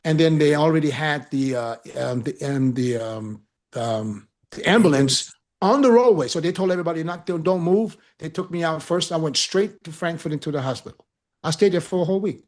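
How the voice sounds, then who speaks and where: Man, slightly high voice, rambling profane anecdote teller for a casual chat show. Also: brisk. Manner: animated, profane storyteller with laughs.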